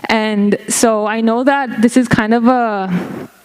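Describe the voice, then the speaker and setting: A woman's voice: a little high, fairly even intonation, slow, clean tone, poor audio. A young woman from Canada speaking up at a community band meeting, earnest and emotional, sometimes searching for her words. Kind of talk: impassioned public address.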